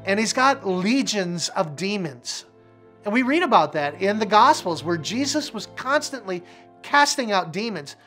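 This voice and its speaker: A man's voice: high-pitched, very animated, unhurried, fairly bright tone, faint music behind. A middle-aged man, a minister, sharing a personal testimony with vivid, emphatic repetition.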